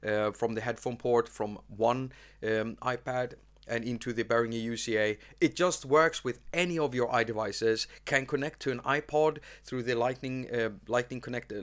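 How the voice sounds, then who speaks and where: A man's voice: medium pitch, steady tone, normal speed. A man hosting a casual live stream, rambling with many fillers and restarts as he talks about his gear. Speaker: host.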